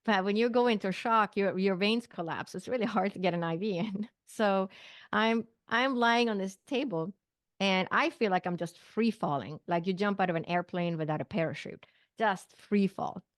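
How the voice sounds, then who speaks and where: A woman's voice: mid-range voice, normal speed, no room sound, studio quality. A middle-aged woman from Sweden, a guest on an interview show, vividly retelling a personal story with quoted dialogue and small laughs. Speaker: guest, naturopathic physician and psychic medium.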